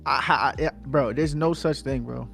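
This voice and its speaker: A man from New Jersey talks in a relaxed, slangy way, circling back over the same points again and again. His voice has a gravelly, rough edge to it. Faint music plays behind him. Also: mid-range voice, moderate pace. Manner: laid-back, repeats himself, slangy. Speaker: podcast co-host. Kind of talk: casual chat.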